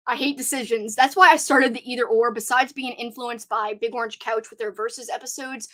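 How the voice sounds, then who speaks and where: A young woman hosting a casual live stream, chatting excitedly and reading out viewer comments. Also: sits high.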